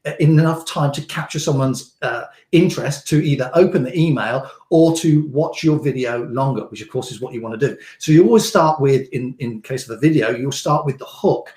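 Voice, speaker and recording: A man's voice: medium pitch, a little fast, few pauses, darkish tone. Casual rambling male coach, echoey room. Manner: casual, rambling explanations with many fillers and restarts. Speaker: online business coach. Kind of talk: live teaching session. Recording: roomy echo.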